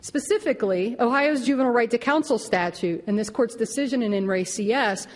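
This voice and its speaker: A woman attorney making a measured oral argument before a court, often restarting phrases. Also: fairly high pitch. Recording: long reverb of a courtroom.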